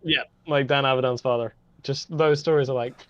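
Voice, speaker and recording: A man co-hosting a casual podcast, teasing his friend in quick banter. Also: mid-range voice, fairly even intonation, a bit bright. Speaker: podcast co-host. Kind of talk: casual chat. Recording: dull lo-fi sound.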